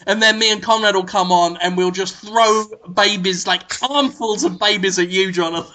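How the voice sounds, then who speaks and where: A man hosting a podcast, pitching outrageous ideas in a deadpan, mock-serious way as casual banter. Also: normal speed, few pauses. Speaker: podcast host.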